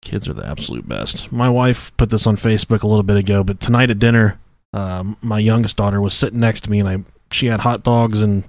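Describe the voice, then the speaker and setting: A man's voice: on the low side, expressive, a little fast, vocal fry, no echo. An American man hosting a podcast, joking around and swearing casually. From United States. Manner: joking, profane, laid-back. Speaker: podcast host.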